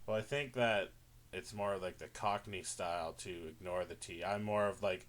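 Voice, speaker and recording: A man's voice: sits low, fairly even intonation, moderate pace, background noise. A man co-hosting a casual chat podcast, joking dryly in loose banter. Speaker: podcast co-host.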